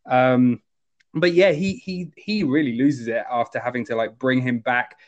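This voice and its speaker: A man casually discussing a film as a podcast co-host, animated and full of fillers. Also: moderate pace, lo-fi sound. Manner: animated, jumps to high voices when quoting characters.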